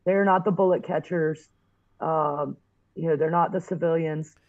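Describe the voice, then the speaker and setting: A woman guest on a podcast, speaking in a measured, reflective way. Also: deep voice, steady tone, dry recording, phone-quality sound. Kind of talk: casual chat.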